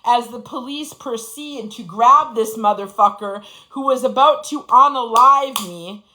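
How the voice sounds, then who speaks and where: Intense, bright-voiced woman telling her story. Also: a little high, a little slow, a little hiss or hum, low-quality recording. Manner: intense, profane, repeats phrases for emphasis. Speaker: speaker sharing her story. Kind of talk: impassioned personal testimony.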